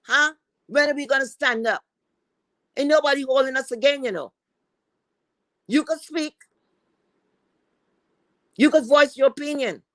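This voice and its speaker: A woman's voice: high voice, unhurried, pauses often, a bit bright, dry recording, low-quality recording. A woman commentator on a livestream, ranting in a blunt, profane, scolding way. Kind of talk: heated commentary rant.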